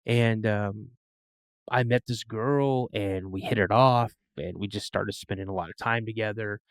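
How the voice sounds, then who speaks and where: A man as a podcast guest, telling a story in a casual, animated way and acting out the voices of the people he quotes. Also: lowish voice, unhurried, smooth, no echo.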